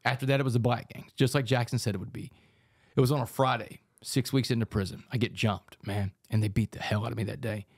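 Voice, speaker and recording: A man, a podcast guest, telling his story in an intense, rapid way. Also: medium pitch, fairly even intonation, dry recording, studio quality. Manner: fast, intense storytelling with gravelly voice.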